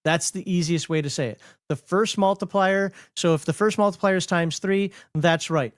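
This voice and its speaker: A man's voice: sits high, moderate pace, dry recording, clean studio sound. A man with a Minnesotan accent hosting a casual livestream, explaining game rules while rambling, correcting himself and laughing often.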